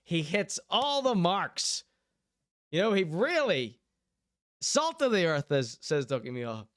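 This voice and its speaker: A man's voice: sits high, very animated, takes it slowly, a bit bright, no room sound, studio quality. A man hosting a show, commenting on clips casually and enthusiastically, often repeating himself. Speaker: show host.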